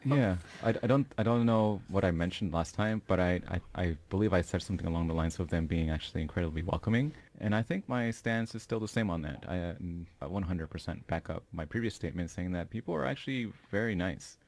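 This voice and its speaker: A man's voice: low-pitched, fast talker, hardly any pauses, a little mellow. An American man talking as a guest in a casual chat, easygoing and loose, with lots of fillers. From United States. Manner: easygoing, many "you know" fillers.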